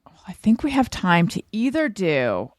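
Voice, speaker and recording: A woman's voice: medium pitch, huge pitch swings, normal speed, dry recording. A woman hosts a comedy podcast over a video call. She moderates in an easygoing, playful way, with a dry, close sound. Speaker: podcast host.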